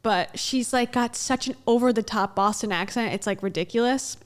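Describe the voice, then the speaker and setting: Woman host, casual joking livestream banter, slightly high voice. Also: moderate pace. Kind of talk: casual chat.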